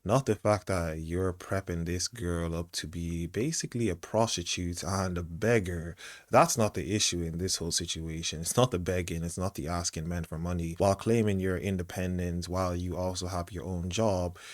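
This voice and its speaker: A man's voice: low voice, steady tone, moderate pace. A man giving blunt, mocking commentary on video clips. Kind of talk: reaction commentary.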